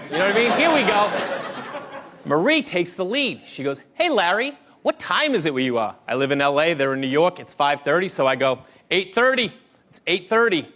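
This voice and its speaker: A man telling a stand-up comedy story, animated and acting out the voices of people in it, recorded live on stage. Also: high-pitched, fairly quick. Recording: live crowd and noise on a played clip.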